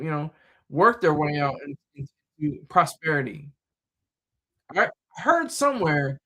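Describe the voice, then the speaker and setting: A man's voice: high voice, fairly bright tone. A man talking in a loose, rambling monologue, full of fillers, repeated words and restarts.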